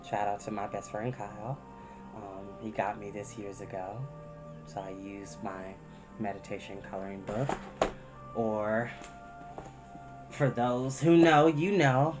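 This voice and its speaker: A man speaks slowly and gently to his viewers in a low, soft voice, close to tears and pausing often. Music plays clearly in the background. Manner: soft-spoken, emotional, pauses often. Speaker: storytime reader. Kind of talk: candid personal talk to viewers.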